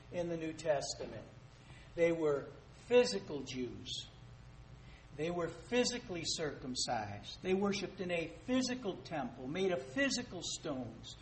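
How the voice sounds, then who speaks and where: A man preaching a sermon, emphatic and rising to loud rhetorical questions, addressing listeners as dear ones. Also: a little high, very animated, measured pace. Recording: echoey room, faint noise.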